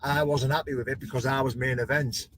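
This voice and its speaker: A man's voice: mid-range voice, steady tone, a little fast, fairly bright tone, poor audio. Aggrieved man, faint noise. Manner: aggrieved, defensive, repeats "mate". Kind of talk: callout video.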